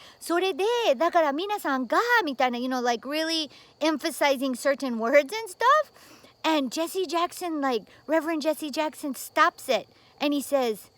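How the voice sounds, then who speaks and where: A woman's voice: sits high, a bit bright, no echo. A woman in her fifties from the United States, telling stories in a chatty vlog with many fillers. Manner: chatty, with lots of fillers and tag questions. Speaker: vlogger. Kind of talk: casual storytelling vlog.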